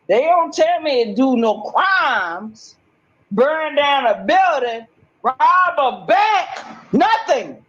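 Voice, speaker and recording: A woman's voice: high-pitched, big pitch swings, takes it slowly, highs cut off. A woman talking in an agitated, rambling monologue, emphatic and swearing often, repeating herself.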